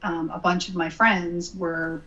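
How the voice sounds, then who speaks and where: A woman's voice: fairly low pitch, level tone, measured pace, sharp tone. Canadian woman guest on a podcast, earnest story, um-heavy, kinda echoey lo-fi audio. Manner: earnest storytelling with many ums. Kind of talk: casual interview, telling her testimony.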